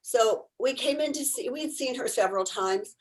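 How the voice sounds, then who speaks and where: A woman's voice: fairly high pitch, normal speed, poor audio. A woman volunteer chatting animatedly on a video call, telling stories about her therapy dogs and laughing often. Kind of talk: casual storytelling on a video call.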